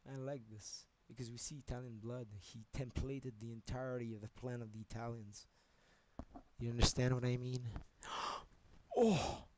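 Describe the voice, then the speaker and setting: A man's voice: mid-range voice, flat delivery, moderate pace, a little mellow. A man live-streaming, talking in a rambling way, swearing and jumping between topics as he goes.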